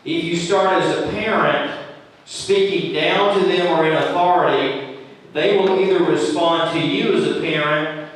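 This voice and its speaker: A man runs a volunteer training session in a church room, keeping it conversational and performing quoted lines as examples. His voice is on the high side with fairly even intonation, a little slow, and the sound comes from a distance in an echoey space.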